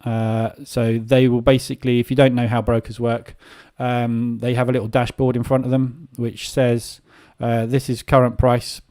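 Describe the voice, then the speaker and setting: A man's voice: medium pitch, little pitch movement, normal speed, hardly any pauses, warm tone, clean tone. A man hosting a live trading session, talking casually and rambling with many filler sounds. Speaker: trading room host. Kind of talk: live market commentary.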